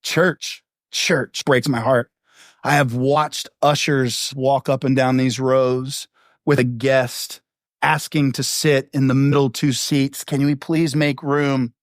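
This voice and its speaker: A middle-aged male pastor preaching a sermon in a punchy, conversational way, full of rhetorical questions and quick asides. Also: mid-range voice, level tone, no echo, clean studio sound. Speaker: lead pastor.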